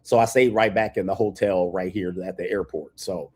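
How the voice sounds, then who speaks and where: Streaming live from a hotel room by an airport, this man from the United States boasts casually, reeling off a lengthy run of drawn-out titles for himself with brash swagger. His voice is deep and husky with a darkish tone and fairly even intonation.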